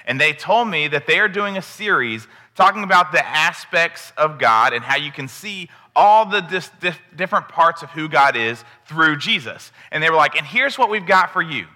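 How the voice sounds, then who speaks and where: A man's voice: fairly high pitch, animated, normal speed, hardly any pauses, pushed and bright, big-room sound. A man giving a candid, conversational sermon in a church. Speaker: preacher. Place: church sanctuary.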